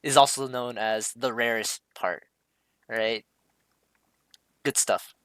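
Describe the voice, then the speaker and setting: Male streamer, casual hesitant commentary, bright tone, dry close recording. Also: medium pitch, fairly even intonation, slow pace, clean tone, no room sound. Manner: hesitant, many fillers and restarts, self-interrupting. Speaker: streamer explaining a drawing. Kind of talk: casual rambling commentary over a drawing.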